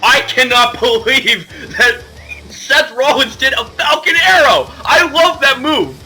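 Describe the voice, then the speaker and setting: A young man hosting a casual video review, excitable and gushing, swearing freely as he talks. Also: very high-pitched, slow, faint music behind. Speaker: YouTuber reviewing wrestling.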